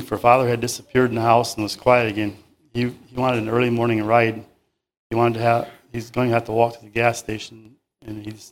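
A man reading a children's story aloud to a group, halting and stopping to paraphrase and moralize. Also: mid-range voice.

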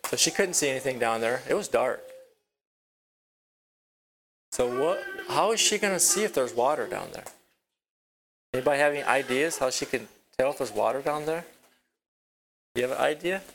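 A man of middle pitch tells a Bible story to young children in a children's lesson. He stops and starts, repeats words and keeps checking in with the kids by asking them questions. A faint hiss sits under his voice. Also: lively intonation, fairly quick, a bit bright, poor audio. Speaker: children's teacher. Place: rural property with a barn.

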